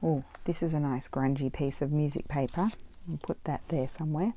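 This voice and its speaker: Low voiced lady rambling to her viewers while she glues and stitches, chatty, goes off on tangents. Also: fairly even intonation, fairly quick, dark tone, slight background noise. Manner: thinks aloud while working. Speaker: craft vlogger. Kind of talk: casual chat while crafting.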